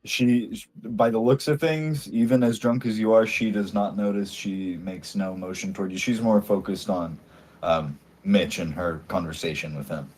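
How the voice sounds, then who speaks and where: A man's voice: sits low, fairly even intonation, moderate pace, darkish tone, husky. A man narrating as game master in a casual, chatty way, often laughing.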